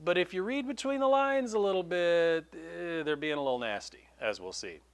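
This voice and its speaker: A man preaching a sermon in a conversational, animated way, with quick asides to the congregation. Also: fairly high pitch. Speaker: pastor.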